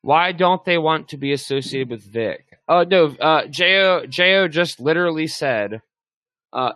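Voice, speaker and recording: A young man hosting a casual talk stream, ranting crudely and heatedly and swinging between loud and muttered. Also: medium pitch, moderate pace, no room sound, poor audio. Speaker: host. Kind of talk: profane casual rant.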